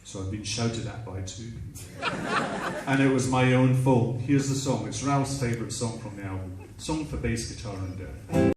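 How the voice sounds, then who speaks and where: A man's voice: medium pitch, moderate pace, a little hiss or hum. A man on stage in a live music club, telling a story between songs in a wry, chuckling way and acting out the other people's voices. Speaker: singer-songwriter on stage. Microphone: stage mic, filmed by a smartphone in the audience. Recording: echoey club sound captured from far off.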